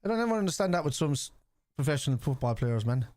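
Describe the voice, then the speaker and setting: On his live football watchalong, this middle-aged man from Ireland curses freely, reacts to the play and responds to people in chat. He sounds very animated and talks at a quick pace, with a fairly high pitch and a darkish tone. There's no room sound.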